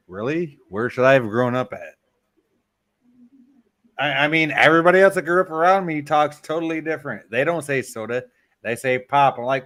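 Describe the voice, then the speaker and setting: A man's voice: mid-range voice, expressive, moderate pace, fairly bright tone, no room sound. Guy on a stream, medium voice, cracks jokes, swears a ton, repeats his bits. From Michigan, US. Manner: joking, repeats catchphrases, heavy swearing. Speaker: livestream guest. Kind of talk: casual profane banter.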